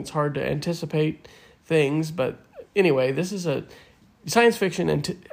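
Gravelly, higher-voiced man musing casually. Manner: reflective, rambling, with fillers. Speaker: podcast co-host. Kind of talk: casual chat.

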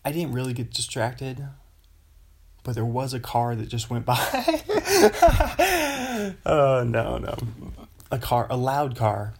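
A man's voice: medium pitch, fairly even intonation, a little slow, creaky, a little mellow, slight background noise. A man from the Pacific Northwest hosting a casual podcast monologue, meandering from topic to topic and chuckling to himself. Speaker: podcast host.

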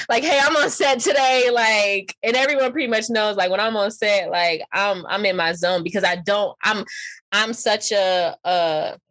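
A young woman, an actress and model coach, talking casually as an interview guest, animated and laughing often. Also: medium pitch, measured pace. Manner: animated, laughs often, puts on voices when quoting.

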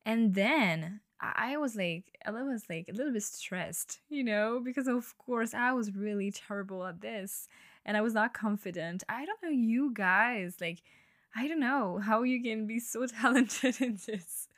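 Slow-talking young woman, dry close sound. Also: fairly high pitch, fairly bright tone, dry recording. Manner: slow, breathy-edged, laughing and swearing freely. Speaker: podcast host. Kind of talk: casual solo podcast monologue.

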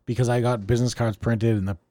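A man's voice: medium pitch, steady tone, fast, warm tone, dry recording. A man hosting a podcast in casual chat, rambling along, swearing freely and laughing often. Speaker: podcast host.

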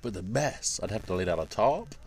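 A man's voice: on the low side, lively intonation, a little fast. A man co-hosting a casual podcast recorded outdoors in a garden, joking, laughing and swearing as he talks. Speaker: podcast co-host. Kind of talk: casual crude banter.

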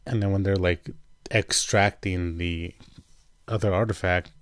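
A man casually recapping a TV episode, chatty and full of fillers, acting out characters' lines in quick voices. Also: deep voice, steady tone, no echo. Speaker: show reviewer.

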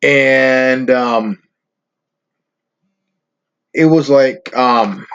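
Speaking very slowly in a smooth, fairly bright voice of medium pitch with fairly even intonation, a man rants on his own channel. He swears, rambles and stammers, captured in a dull lo-fi recording.

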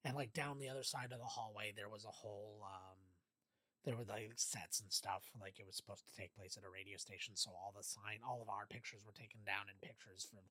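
A man's voice: fairly low pitch, steady tone, brisk, sharp tone, no room sound. A man co-hosting a casual movie commentary, telling rambling anecdotes full of fillers and swearing. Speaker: podcast co-host.

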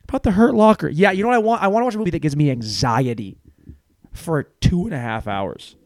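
Rambling, profane man with a lively voice. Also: on the high side, a little fast, no room sound. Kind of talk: crude comedic monologue.

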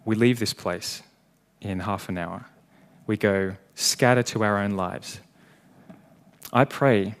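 A man preaching a sermon as pastor, earnest, building to emphatic peaks and then dropping quiet, before closing in prayer. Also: lowish voice. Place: church.

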